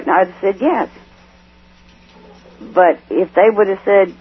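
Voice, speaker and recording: A middle-aged woman giving a tearful personal testimony, speaking haltingly with many restarts and repeated words. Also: medium pitch, steady tone, slightly rough. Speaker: guest. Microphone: telephone. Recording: tinny phone line.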